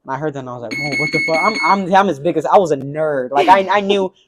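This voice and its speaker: A young man, a boxer and interview guest, telling a story in an animated, casual way and acting out what others said. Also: a little high, fast, a crowd in the background, low-quality recording.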